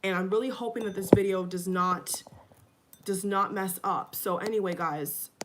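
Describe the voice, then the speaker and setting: Upset and agitated, a woman vlogs into her phone camera in her kitchen, repeating herself and swearing to her viewers in a casual rant. Her voice is medium-pitched and steady at a moderate pace, and the recording is very noisy.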